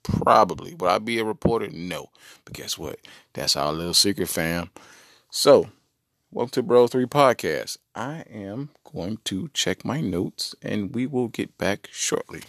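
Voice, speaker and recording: A man hosts a solo comedy podcast, riffing playfully and addressing his listeners directly. His voice is low and gravelly, with a lively, swooping delivery. It is recorded close and dry on a podcast mic. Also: a little slow, no echo. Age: adult parent. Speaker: podcast host.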